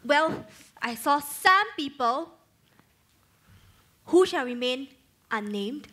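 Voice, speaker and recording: A woman acting in an amateur comedy skit, shrill and dramatic. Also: expressive, takes it slowly, a bit bright. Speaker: student actor in a comedy skit.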